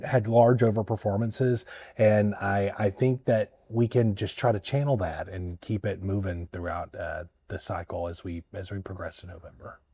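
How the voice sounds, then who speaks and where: A man serving as a state party chair, talking candidly and bluntly in a political interview, with a husky voice. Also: on the low side, steady tone, normal speed, warm tone, no echo. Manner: candid, blunt, mildly profane.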